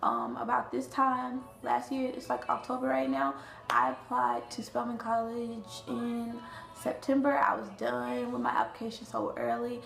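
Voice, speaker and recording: A young woman from Alabama chats playfully to her camera, full of fillers and quick asides. Her fairly high voice carries a gravelly fry. She records in an echoey room with faint music underneath. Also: lively intonation, a bit bright. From Alabama, US Southern. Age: young adult. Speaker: vlogger, college freshman. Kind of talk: casual talking-to-camera vlog.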